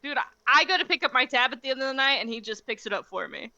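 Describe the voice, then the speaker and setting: Lively, bright-voiced young woman chatting. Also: sits high, very fast, no echo, dull audio. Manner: animated, laughs often, many "like" fillers. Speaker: podcast co-host. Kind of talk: casual chat.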